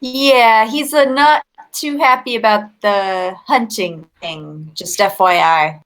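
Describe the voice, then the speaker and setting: Slow-talking woman player at a game table. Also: mid-range voice, fairly bright tone, poor audio. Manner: slow, laughing often. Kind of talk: casual chat at a gaming table.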